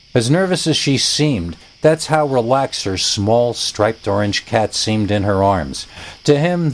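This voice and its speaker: A man narrating a scary story in a low voice that swoops up and down with plenty of expression. His storytelling is animated, with a dry, joking edge. Faint crickets chirp in the background. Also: a little hiss or hum. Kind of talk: scripted narration.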